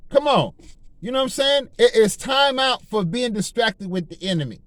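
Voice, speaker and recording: A man's voice: extremely high pitch, expressive, moderate pace, background noise. A man preaching informally and fervently, slangy and full of repeated phrases and restarts.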